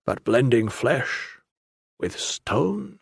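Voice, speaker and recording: A male narrator voicing a stern, cryptic older monk who lectures his pupil through slow, probing questions. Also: mid-range voice, big pitch swings, vocal fry, slightly rough, no echo, clean studio sound, heavily acted. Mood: stern lecturing.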